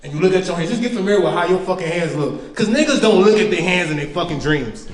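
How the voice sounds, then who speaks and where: A man's voice: high voice, expressive, fast. A young man in his twenties doing a profane stand-up comedy set, telling stories and acting out his friends' voices. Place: small indoor venue. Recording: echoey room picked up from a distance.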